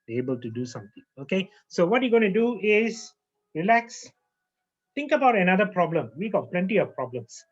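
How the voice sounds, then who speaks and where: A man teaching as a naturopath, guiding a slow, calm relaxation lesson and repeating phrases with frequent okays. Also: high voice. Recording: muffled lo-fi audio.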